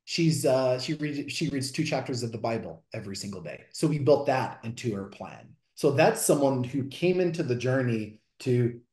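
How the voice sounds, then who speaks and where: Man, early forties, fitness coach, earnest, energetic storyteller, echoey room. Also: mid-range voice, moderate pace, hardly any pauses. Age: 40s. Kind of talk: podcast interview.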